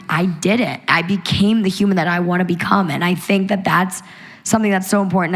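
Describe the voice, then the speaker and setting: A young American woman talking as a guest in a live onstage conversation, bubbly and animated with lots of laughter. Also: fairly low pitch. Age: young adult.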